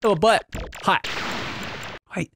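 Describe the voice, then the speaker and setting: A man giving jokey, excitable commentary while playing a video game, yelping and laughing at what he sees. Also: slow, heavy background noise. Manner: jokey, yelps and laughs at the screen. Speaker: video game let's-player.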